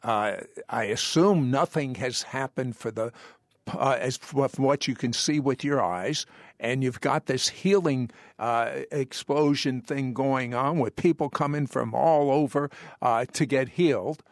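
Gravelly man hosting an interview. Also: medium pitch, unhurried, no room sound, studio quality. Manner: probing, conversational questioning. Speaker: interview host. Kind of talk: broadcast interview questions.

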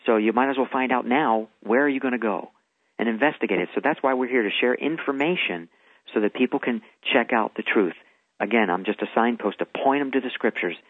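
A man's voice: mid-range voice, fairly quick, dry recording. A man earnestly telling his story as a guest on a radio interview, with emphatic delivery. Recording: phone-like radio broadcast audio.

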